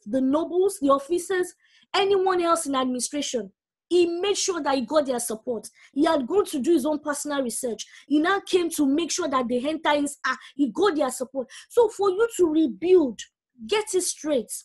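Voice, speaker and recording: A woman's voice: sits high, animated, normal speed. A woman preaching a sermon, reading scripture aloud and urging her listeners directly.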